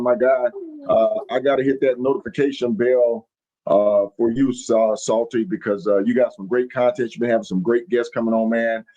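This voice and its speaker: On the road, a middle-aged man hosts a live-streamed podcast chat, repeatedly welcoming viewers by name in a hyped, folksy manner. The recording is muffled, carrying his lowish voice and dark tone.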